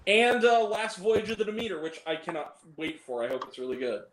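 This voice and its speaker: A high-voiced man talks in a casual chat, animated and often laughing as he tells a story. His voice carries a roomy echo with a faint hiss of noise behind it. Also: fairly quick. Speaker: guest on a film talk stream. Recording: echoey room with faint noise.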